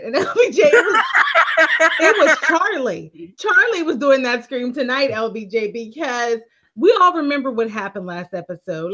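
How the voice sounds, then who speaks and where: A woman co-hosting a show recap, telling the story with animated energy and frequent laughter. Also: on the high side. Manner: animated storytelling, laughing often, keeps addressing co-host. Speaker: co-host. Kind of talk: casual recap chat.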